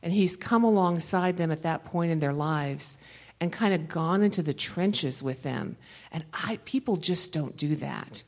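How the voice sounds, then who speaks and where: Speaking at a measured pace in a low-sitting voice, a woman is heard through poor audio. She's running a Christian conference session, delivering a rambling, conversational teaching talk to a live audience and often laughing between thoughts.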